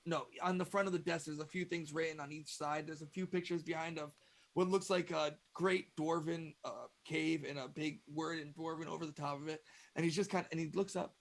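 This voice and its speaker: A man narrating a tabletop game as game master, describing scenes in a relaxed way with fillers. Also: a little high, brisk.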